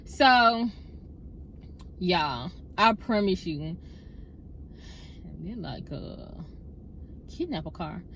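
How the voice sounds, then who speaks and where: A woman chatting in a car, telling a story straight to her viewers in a casual, expressive way. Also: fairly low pitch, drawn-out words, pauses often, slight background noise. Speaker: storytime vlogger.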